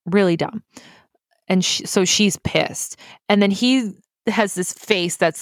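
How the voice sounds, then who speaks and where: A woman recapping a film scene by scene in a casual chat, animated and quick to laugh, with profanity sprinkled in. Her voice sits at a middle pitch and is recorded close and dry, with no room sound. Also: no room sound. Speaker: podcast co-host.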